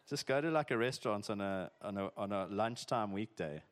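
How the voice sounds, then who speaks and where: A man's voice: on the low side, brisk, few pauses. A man preaching a sermon in a conversational, jokey way, peppered with "like" and "eh". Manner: conversational, chatty, uses "eh" and "like", jokey asides. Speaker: pastor.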